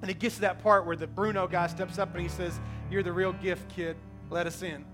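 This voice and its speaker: A man's voice: sits high, little pitch movement, brisk, over music. A man in his thirties preaching a sermon, telling personal stories in an emotional, conversational way. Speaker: pastor.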